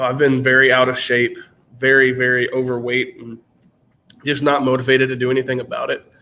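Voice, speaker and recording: A man's voice: medium pitch, sharp tone, a little hiss or hum. A man in his twenties with a general American accent, chatting casually on a live stream and answering questions, his voice worn out, rambling with many fillers and restarts. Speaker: channel host answering chat.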